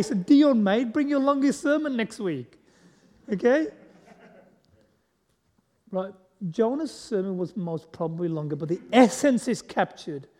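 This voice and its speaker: A man's voice: very high voice, darkish tone. A man preaching as a guest speaker in a chatty way, asking the congregation questions and joking at his own expense. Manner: conversational, asks the congregation questions, self-deprecating humour. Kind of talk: sermon. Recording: long echo of a large hall.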